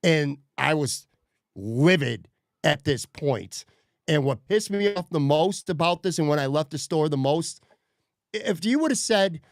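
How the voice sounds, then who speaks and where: In a casual podcast rant, the host gets worked up and swears while telling a story, speaking in a high-leaning, expressive, gravelly voice at an unhurried pace. The recording is studio quality with no echo.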